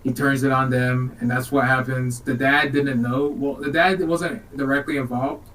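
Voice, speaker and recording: A man's voice: medium pitch, normal speed, distant mic, slight background noise, poor audio. Man joking through a movie recap. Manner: animated, joking retelling. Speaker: podcast co-host. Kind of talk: casual chat reviewing a movie.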